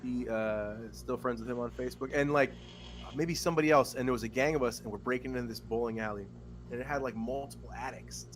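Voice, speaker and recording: A man's voice: mid-range voice, fast talker. Profane rambling storyteller man. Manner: profane, rambling, animated when acting out quotes. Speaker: podcast co-host. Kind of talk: casual storytelling.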